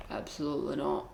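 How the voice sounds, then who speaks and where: Slow-talking giggly woman streamer. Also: sits low, vocal fry, background noise. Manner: giggly, chatty, reacts to chat. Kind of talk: casual chat while gaming.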